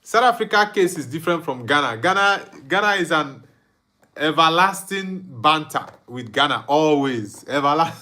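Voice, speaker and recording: A young Nigerian man hosts a live football watchalong, reading viewer comments aloud and bantering with lots of laughter. His voice is slightly high and expressive, with a sharp tone and a moderate pace.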